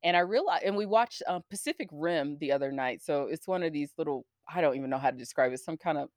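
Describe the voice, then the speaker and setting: A woman's voice: low-pitched, fast, no room sound, clean studio sound. A woman co-hosting a podcast, telling stories in a chatty way with giggles. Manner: chatty storytelling, giggles, fillers. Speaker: podcast co-host. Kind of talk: casual chat.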